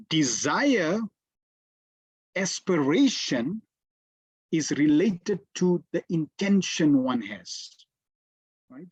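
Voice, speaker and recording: A man giving a slow, deliberate devotional lecture as a spiritual teacher, telling stories with emphatic repetitions. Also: on the high side, darkish tone, slightly rough, dry recording. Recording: dull, lo-fi dry sound.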